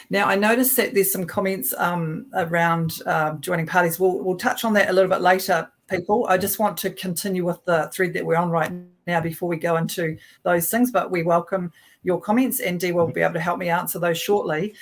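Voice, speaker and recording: A woman's voice: on the low side, steady tone, brisk. A woman with a New Zealand accent co-hosting a political livestream, chatty and sarcastic, often restarting her sentences. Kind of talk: casual political talk show.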